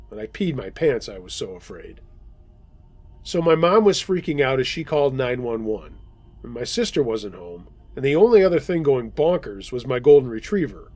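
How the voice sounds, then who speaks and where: A man hosting a podcast who reads a listener's true scary story aloud in a measured, dramatic storytelling manner. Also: mid-range voice, a little mellow, husky. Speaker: podcast host reading listener stories.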